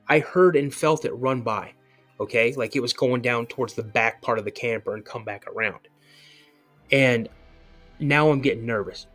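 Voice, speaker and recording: A man of ordinary pitch tells a personal encounter story as a podcast guest. He rambles, circling back with "you know" and restarting sentences as he goes. Faint music sits underneath his voice. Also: fairly bright tone.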